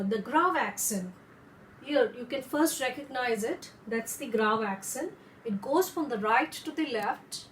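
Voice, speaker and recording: Woman french teacher, kinda high voice, goes slow and careful, faint background hum. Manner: slow, careful explanations with repeated examples. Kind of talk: instructional lesson. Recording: echoey room.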